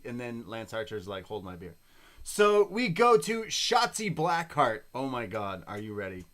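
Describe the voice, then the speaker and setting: A man co-hosting a wrestling podcast, recapping the show in casual chat with animated, excitable storytelling. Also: medium pitch, normal speed.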